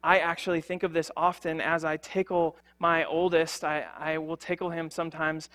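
A man's voice: a little high, level tone, normal speed, fairly bright tone. A young man preaching a sermon as a pastor, earnest and conversational, with frequent fillers and restarts.

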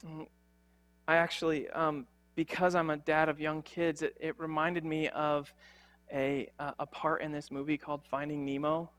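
A man's voice: fairly high pitch, little pitch movement, normal speed, a bit bright. A young man preaching a sermon as a pastor, earnest and conversational, with frequent fillers and restarts.

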